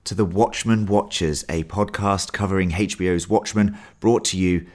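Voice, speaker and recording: A man's voice: sits low, steady tone, normal speed. A man hosting a podcast in a chatty, teasing way, laughing often. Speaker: podcast host. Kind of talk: casual podcast chat.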